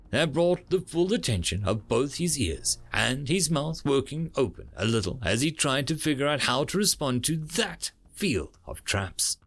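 A man narrating a story in a lively storytelling manner. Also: mid-range voice, normal speed, soft background music. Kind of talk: audiobook narration.

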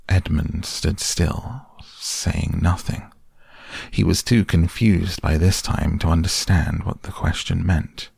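A man reading a storybook aloud as narrator, in a measured, deliberate way. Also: low voice, fairly even intonation, vocal fry, darkish tone, husky, dry recording, clean studio sound.

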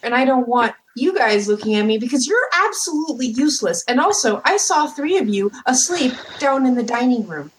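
A woman's voice: fairly high pitch, very animated, a little fast, few pauses, a little hiss or hum, low-quality recording. A woman player in a tabletop game, speaking in character in a bossy, teasing way. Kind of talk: in-character role-play.

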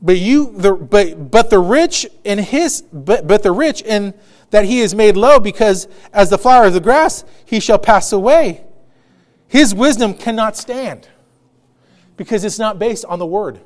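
A man's voice: high-pitched, lively intonation, measured pace. A man pastor preaching a sermon in a church service, emphatic, with repeated phrases and call-and-response.

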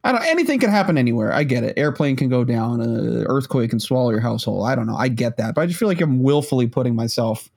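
A man's voice: medium pitch, expressive, fast, vocal fry, few pauses, a little mellow. A man in casual chat, rambling and self-mocking, with lots of fillers and swearing.

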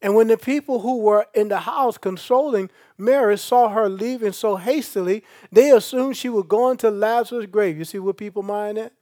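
A man's voice: high-pitched, moderate pace, few pauses, dark tone, dry recording, clean studio sound. A male pastor, preaching a sermon and reading scripture aloud with asides to the congregation.

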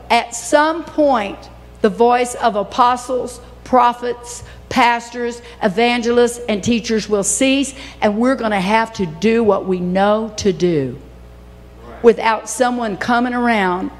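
A woman preacher teaching from scripture in a sermon, emphatic and animated, swinging between loud and soft delivery. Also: medium pitch. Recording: long reverb of a large hall.

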